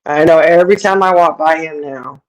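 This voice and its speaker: This is a middle-aged livestream host in casual conversation, laughing frequently as she takes viewer questions over a streaming setup. She speaks at normal speed in a deep voice, recorded in low quality.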